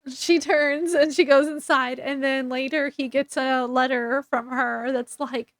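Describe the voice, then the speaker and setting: A woman's voice: high voice, steady tone, unhurried, no room sound. A woman book reviewer casually recapping a story, chattily retelling scenes in quoted dialogue.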